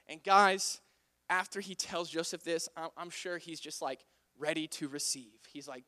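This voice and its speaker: A man's voice: on the high side, moderate pace, pushed and bright. A young man retelling a Bible story in a chatty, playful way, often saying "like".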